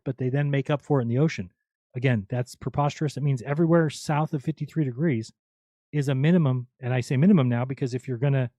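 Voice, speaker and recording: A man's voice: medium pitch, mellow, no room sound. A man hosting a live panel show, arguing his points emphatically in casual chat.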